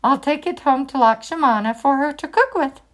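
A woman's voice: high voice, moderate pace, pitched above the performer's own voice, natural voice. A woman voicing a cheerful grown man in a children's story, speaking in a homely, delighted way. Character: cheerful grown man coming home from work.

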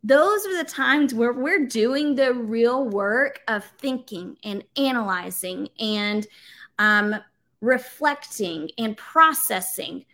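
Bright, energetic woman leading a webinar. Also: on the high side. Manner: energetic, conversational, emphatic with filler words. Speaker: workshop presenter for educators. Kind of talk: live webinar teaching, reading chat comments aloud.

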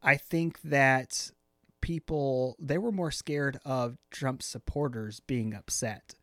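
A man's voice: medium pitch, slow, fairly bright tone, no echo. A man co-hosting a casual podcast chat in a laid-back, joking way. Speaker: podcast co-host.

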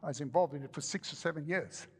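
A male pastor giving an animated, joking sermon with repeated phrases to a congregation. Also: on the high side, fast, breathy edge, long reverb tail. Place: church hall with congregation.

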